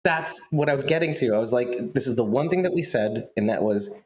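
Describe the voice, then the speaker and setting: A man's voice: mid-range voice, lively intonation, brisk, darkish tone. A man co-hosting a podcast in casual chat, talking in a teasing, playful way. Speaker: podcast co-host.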